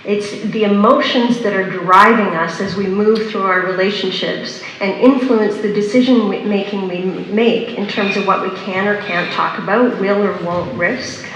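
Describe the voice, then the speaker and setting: Female workshop teacher, steady and explanatory, recorded in a reverberant hall. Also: medium pitch, a little hiss or hum. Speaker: workshop presenter. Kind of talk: teaching talk to a workshop audience. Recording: echoey hall with long reverb.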